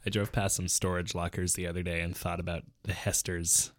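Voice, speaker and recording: Low-voiced, deadpan man on a podcast. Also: fairly quick. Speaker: podcast co-host. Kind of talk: casual group chat.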